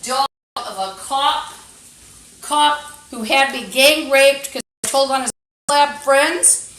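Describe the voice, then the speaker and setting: A woman's voice: high-pitched, takes it slowly, a bit bright, a little hiss or hum, low-quality recording. A woman talking into a phone or camera mic in a rambling, agitated, profane livestream monologue full of fillers.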